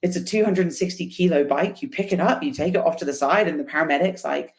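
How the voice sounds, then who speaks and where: A woman guest on a podcast, telling a personal story in an animated, chatty way with laughs and fillers. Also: sits low, quick pace. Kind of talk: casual storytelling interview.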